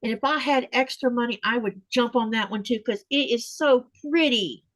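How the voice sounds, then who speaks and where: A woman's voice: on the high side, normal speed, a bit bright, dry recording. An older woman hosting a casual livestream chat, greeting viewers by name. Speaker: host.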